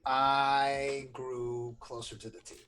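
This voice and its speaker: A man playing a tabletop role-playing game, talking casually with many fillers and pauses. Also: mid-range voice, little pitch movement, a bit bright. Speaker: player.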